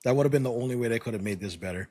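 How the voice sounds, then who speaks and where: A man's voice: mid-range voice, rapid-fire, dark tone, no echo. A man co-hosting a wrestling podcast in casual chat, slangy, saying bro and dude, telling stories with animation. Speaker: podcast co-host.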